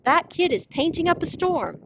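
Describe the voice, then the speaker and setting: A woman's voice: very high voice, big pitch swings, moderate pace, muffled recording, a little hiss or hum, pitched above the performer's own voice, exaggerated voice. A woman voicing a blunt male house painter in a children's storybook read-aloud, speaking in short exclamations. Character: gruff-talking grown man house painter.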